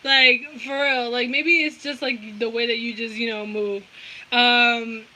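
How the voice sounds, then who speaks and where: A woman's voice: on the high side, steady tone, a little slow, sharp tone, rough recording. A young woman giving a casual tarot reading, rambling in slangy, profane talk and often breaking into giggles. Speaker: tarot reader.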